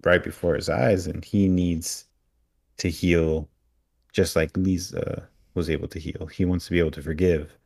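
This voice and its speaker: A man's voice: low-pitched, little pitch movement, moderate pace, vocal fry, darkish tone. A man co-hosting a podcast, casually recapping an episode and acting out characters' lines as he retells scenes. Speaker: podcast co-host.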